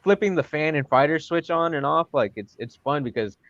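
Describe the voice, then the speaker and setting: This man speaks at a fairly high pitch with lively intonation and a fairly quick, slightly bright delivery. He is a guest fighter on a casual podcast, rambling with plenty of fillers and correcting himself as he goes. The recording is dry, dull and lo-fi, with no room sound.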